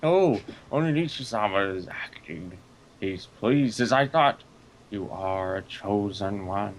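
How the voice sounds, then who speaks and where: A man reading game dialogue aloud while voicing a creepy old male cult leader, slow and drawn out. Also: lowish voice, lively intonation, a little hiss or hum. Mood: solemn.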